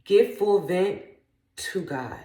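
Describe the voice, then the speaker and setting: A woman's voice: on the low side, lively intonation, slow pace, warm tone, echoey room. A woman who is a parent, sharing reflective faith-based thoughts in an earnest, conversational way. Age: adult parent. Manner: earnest, conversational, often trails into "like". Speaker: self-help vlogger.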